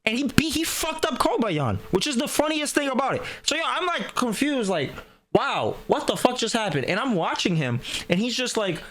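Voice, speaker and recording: Lively, animated man telling a story. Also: very high voice, a little fast, few pauses. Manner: animated, profane, full of sound effects. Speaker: storyteller on a gaming chat show. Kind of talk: casual story-time chat.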